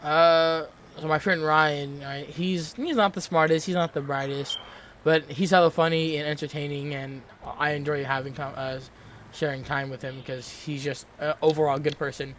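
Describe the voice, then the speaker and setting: A man's voice: fairly high pitch, steady tone, normal speed, a bit bright, a little hiss or hum. A young man in his late teens, telling a story in casual chat, rambling with lots of fillers and restarts.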